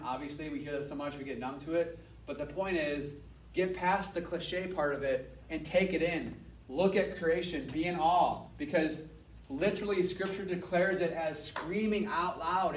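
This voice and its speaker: A man giving a casual Bible lesson to a class, energetic and repeating his points for emphasis. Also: fairly high pitch, a little hiss or hum. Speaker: Bible teacher. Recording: echoey room, mic at a distance.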